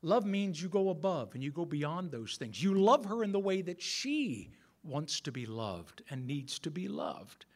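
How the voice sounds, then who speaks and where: A man's voice: on the high side, big pitch swings, measured pace. A man in his sixties preaching a sermon in a conversational way, talking straight to the men in the room with some self-mocking humor. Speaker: pastor.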